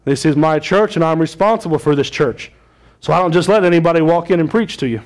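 High-voiced male pastor preaching. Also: fast, a little mellow. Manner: conversational, asks the congregation questions. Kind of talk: sermon.

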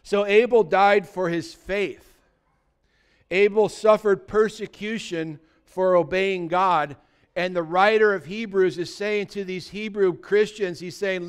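Pastor guy preaching, high clear voice, chatty, asks the crowd lots of questions. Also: fairly even intonation, measured pace. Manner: conversational, full of rhetorical questions. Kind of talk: sermon.

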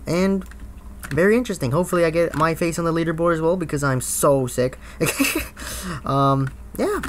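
A gaming YouTuber giving jokey let's play commentary, excitable, with frequent gasps and laughs. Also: medium pitch, moderate pace, slight background noise.

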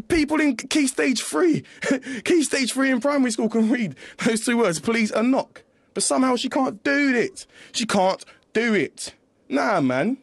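A man, locked in a heated, confrontational argument and swearing as he repeats himself. His voice is husky, with a lot of movement in its pitch. The sound is dry and close. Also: expressive, normal speed, no room sound. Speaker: reality show housemate. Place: indoors in a house.

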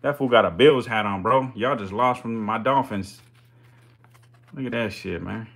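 A man's voice: on the low side, moderate pace, vocal fry, a bit bright. A man hosting a live stream, giving casual commentary in slangy, profane, hyped-up banter.

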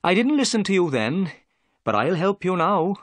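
A man reads the part of a humbled police inspector, pitched high above the narrator's voice and full of apology. The delivery swings with lively intonation. The recording is close and dry. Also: normal speed, no echo, exaggerated voice. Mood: earnest. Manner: apologetic, earnest.

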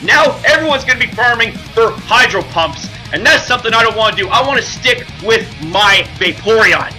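A man rants about a game in an over-the-top raging persona, his voice high and sharply bright. He stammers, swears and keeps tipping into shouted outbursts, with faint music underneath. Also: expressive, moderate pace, rough recording. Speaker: YouTuber host. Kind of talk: ranting gaming commentary.

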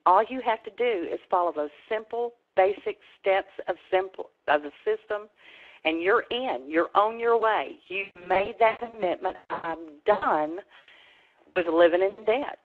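A woman's voice: medium pitch, measured pace. A woman hosting a webinar, giving a rousing, preacher-like motivational pep talk. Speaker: webinar host. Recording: tinny phone line.

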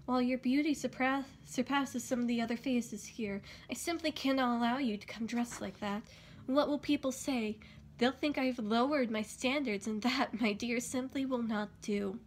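A cruel, taunting king, as a woman reads him aloud in a storybook reading. He draws out his sarcastic, scornful words slowly. The voice sits somewhat high. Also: a little hiss or hum, natural voice. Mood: sneering. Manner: slow, sneering, sarcastic.

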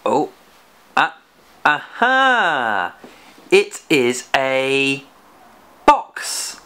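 Male kids' phonics host, animated and sing-song, slow and encouraging, playful scolding. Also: a little high. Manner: slow and exaggerated, sounding out letters. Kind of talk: children's phonics lesson with a puppet.

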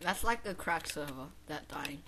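A woman's voice: sits low, animated, normal speed, noisy background. A teenage girl giving casual commentary while playing a game, exclaiming and laughing often. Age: teens. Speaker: gameplay commentator. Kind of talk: casual gaming chat.

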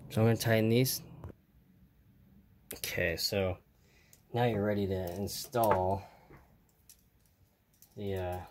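Speaking slowly with frequent pauses in a lowish voice, a weary man shows a model truck build at his workbench. It's a casual hands-on tutorial where he rambles, trails off and mutters to himself as he works, over clear, steady background noise.

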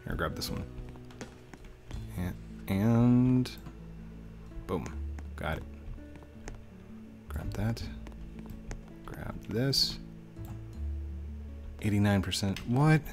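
A man's voice: on the low side, slow, pauses often, soft background music. A man casually commenting while he plays a building game, chatting to himself and his viewers. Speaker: let's play host.

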